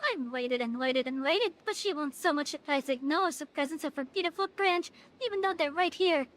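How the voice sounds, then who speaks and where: A woman's voice: sits high, brisk, fairly bright tone. A woman voicing a vain, teasing fairy king, reading game dialogue aloud in a dramatic, sing-song way. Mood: theatrical.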